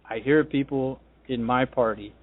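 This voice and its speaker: A man's voice: medium pitch, measured pace. A man hosting a political talk radio show, delivering a combative, ranting monologue. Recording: tinny phone-line sound.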